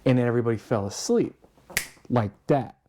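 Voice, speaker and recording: Against a crowd in the background, a man appearing as a guest on a podcast spins a long, casual story. He speaks fairly quickly at medium pitch, curses constantly, and animatedly voices the lines of the other people involved.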